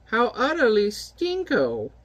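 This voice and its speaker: A man voicing a pair of gleeful female comic-book witches, drawing out their words slowly and theatrically. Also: very high voice, wildly swooping pitch, a bit bright, pitched above the performer's own voice, exaggerated voice. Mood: relishing. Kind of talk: reading comic dialogue aloud.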